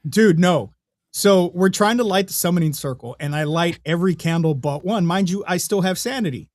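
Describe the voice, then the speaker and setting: A young man co-hosting a podcast in casual chat, telling stories in a profane, animated way. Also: sits high, a little fast. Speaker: podcast co-host.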